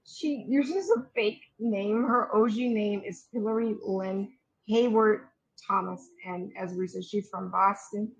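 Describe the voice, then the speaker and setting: A young woman co-hosting a podcast, chatting casually with a snarky, slangy manner and quick asides. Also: mid-range voice, slightly rough, muffled recording. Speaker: podcast co-host. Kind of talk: casual gossip chat.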